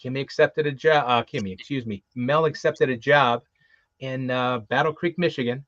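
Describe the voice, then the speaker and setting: A man's voice: mid-range voice, normal speed, fairly bright tone, no room sound. A man co-hosting a casual live show, rambling through upcoming guests with lots of fillers and restarts. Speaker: co-host. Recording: dull lo-fi, dry.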